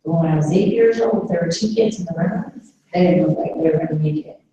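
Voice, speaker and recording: A woman's voice: low-pitched, fast talker, mellow, pitched below the performer's own voice, natural voice. A woman voicing an elderly lady with dementia who tells her old story in a plain, matter-of-fact way, recorded from far off in an echoey room. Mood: reminiscing. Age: older. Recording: echoey room, mic far off, faint noise.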